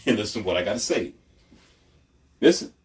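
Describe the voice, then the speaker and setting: A man preaches bluntly in a low voice that rises and falls a lot. He repeats himself for emphasis. The sound is distant, as if the microphone is across the room. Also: sing-song, normal speed. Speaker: host of a motivational monologue. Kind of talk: preachy motivational monologue.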